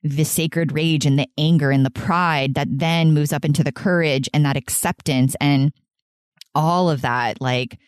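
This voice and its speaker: A woman's voice: deep voice, steady tone, measured pace, smooth, no echo, studio quality. A woman hosting a solo podcast, talking in an earnest, rambling way, often laughing and saying "like". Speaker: podcast host.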